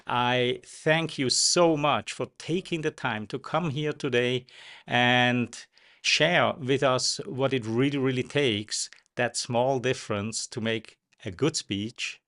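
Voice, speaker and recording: Smooth-voiced male host, effusive. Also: mid-range voice, a bit bright. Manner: effusive, thankful. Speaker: show host. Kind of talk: hosting an interview.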